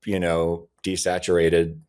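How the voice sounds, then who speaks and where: A man with a low voice, chatting casually as a podcast co-host. He talks loosely and gets a little exasperated as he picks over details. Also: monotone, a little slow, darkish tone, smooth.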